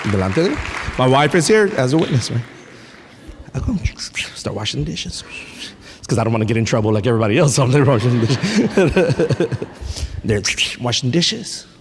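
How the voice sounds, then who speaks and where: Lively pastor preaching in an echoey hall. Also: male voice, medium pitch, normal speed, long pauses, a crowd in the background, background noise. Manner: animated storytelling with playful asides. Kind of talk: sermon. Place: church sanctuary.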